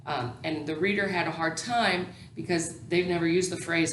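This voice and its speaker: A woman's voice: lowish voice, normal speed, roomy sound, a little hiss or hum. A woman teacher educator giving a recorded lecture, explaining patiently with many ums and restarts.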